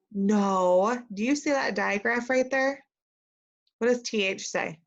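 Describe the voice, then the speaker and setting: A woman teacher giving an early reading lesson to young children, reading sentences slowly and modelling how to sound out words. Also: on the high side, gravelly, a bit bright. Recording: dull lo-fi recording.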